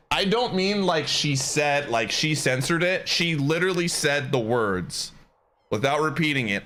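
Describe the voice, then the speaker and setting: A man's voice: fairly high pitch, moderate pace. A man streaming a game while he chats and tells a story in a casual, slangy way, often breaking into laughter. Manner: animated, laughs through the telling, slangy.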